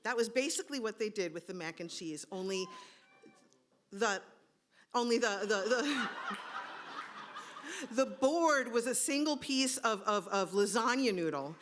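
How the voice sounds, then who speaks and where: A woman's voice: a little high, expressive, a little slow, pauses often, noisy background. Woman storyteller, live stage mic, wry and comic, fumbles for words now and then. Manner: wry, comic, searching for words mid-sentence.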